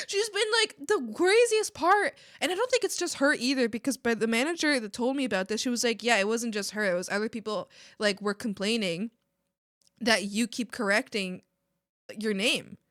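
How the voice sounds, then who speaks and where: A young woman chatting casually while streaming her art, animated, swearing freely and laughing often. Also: on the high side, brisk, no room sound, studio quality. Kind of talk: casual chat while drawing.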